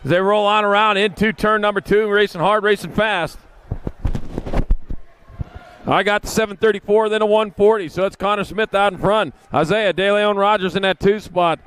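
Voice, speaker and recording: A man's voice: high voice, steady tone, moderate pace, a bit bright, clean tone. A man calling a kids' bike race live, folksy and chatty, with rambling asides. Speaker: race announcer. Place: outdoor race track.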